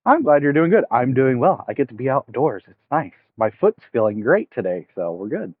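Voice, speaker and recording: A man's voice: mid-range voice, moderate pace, slightly rough, dry recording. Man with a tinny headset sound. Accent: mild Southern US. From United States. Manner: relaxed, explains step by step, chats with viewers. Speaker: streamer. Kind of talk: casual fishing livestream tutorial. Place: outdoors at a park by water. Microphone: headset mic. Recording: tinny dry phone-like headset audio.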